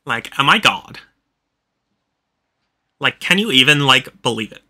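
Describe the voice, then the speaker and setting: A man's voice: medium pitch, pushed and bright. A man doing casual live-stream commentary while playing a video game, tired and yawning, rambling with lots of fillers and restarts.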